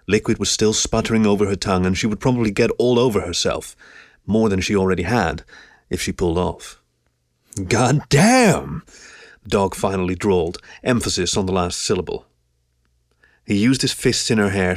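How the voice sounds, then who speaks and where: A man narrating an audiobook in a steady, measured way. His voice sits on the low side, and the sound is dry and close with no room around it. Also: no room sound. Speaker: audiobook reader. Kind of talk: audiobook reading of an adult story.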